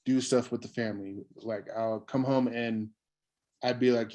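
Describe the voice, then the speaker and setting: A man giving a casual personal testimony on a call, laid-back and halting, with many fillers. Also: mid-range voice, steady tone, warm tone, slight background noise. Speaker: guest sharing a testimonial.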